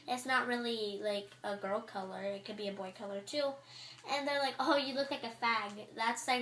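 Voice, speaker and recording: A teenage girl chats casually to camera in a vlog, her fairly high voice bright and forceful. She sounds exasperated and acts out what other people said. The room is echoey, with faint noise.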